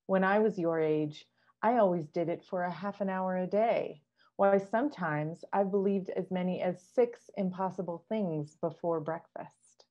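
A woman voicing a brisk, insistent old queen from a storybook in an emphatic reading voice. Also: lowish voice, muffled recording, lightly acted.

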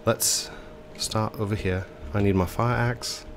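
Slightly slow and on the low side, this man keeps a steady tone while narrating his let's play, his nose audibly blocked up. He fakes an English accent, stumbles over ums and corrects himself, and there's faint hiss or hum underneath.

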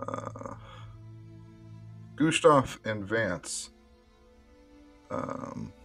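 Slow-talking guy gm, kinda low voice, lots of uhs and ums, soft music in back. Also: big pitch swings, creaky. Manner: unhurried, halting with many fillers. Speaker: game master. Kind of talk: narrating a tabletop game.

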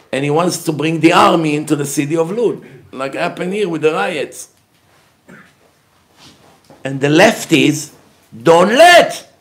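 A man giving a heated religious lecture as a rabbi, emphatic and blunt, asking questions and answering them himself. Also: a little high. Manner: emphatic, grows loud and forceful when making a point.

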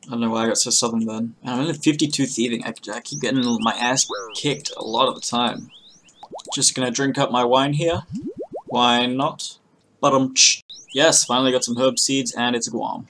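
A man's voice: medium pitch, normal speed, slight background noise. Chatty man narrating gameplay. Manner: chatty, swears freely, bursts into loud excitement over good drops. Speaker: gaming channel host. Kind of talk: casual gameplay commentary.

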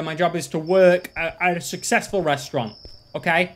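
A man's voice: a little high, fairly even intonation, fairly quick, a bit bright. A man hosting a gaming channel, playing a game with joking, self-mocking commentary.

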